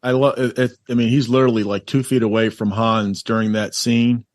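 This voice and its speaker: A man's voice: medium pitch, level tone, a little fast, no room sound. A man co-hosting a podcast, chatting about a movie in a rambling, enthusiastic way. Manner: rambling, enthusiastic, lots of fillers. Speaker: podcast co-host. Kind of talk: casual movie chat.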